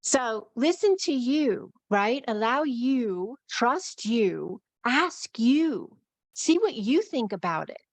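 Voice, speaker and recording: A woman's voice: a little high, very animated, slow, no room sound. A woman with a New York accent giving a live-streamed spiritual talk in flowing, repetitive phrases. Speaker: spiritual teacher.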